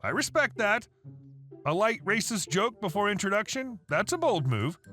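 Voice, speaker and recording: A man's voice: sits high, big pitch swings, moderate pace, sharp tone, faint music behind. A man reading online stories aloud in a wry, sarcastic storytelling manner. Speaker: story narrator.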